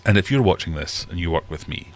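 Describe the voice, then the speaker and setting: A Scottish man with a low, deep voice hosts a casual live stream from his home fish room. He is middle-aged and chats in a loose, rambling way, often poking fun at himself. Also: expressive, fast, slight background noise. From Scotland. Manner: rambling, chatty and self-deprecating. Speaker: livestream host.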